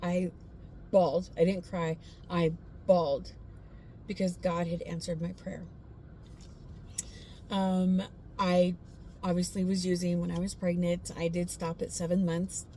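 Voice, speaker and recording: A woman sharing her personal faith testimony in a casual, earnest, heartfelt way, pausing often with fillers. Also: lowish voice, little pitch movement, mellow, slight background noise.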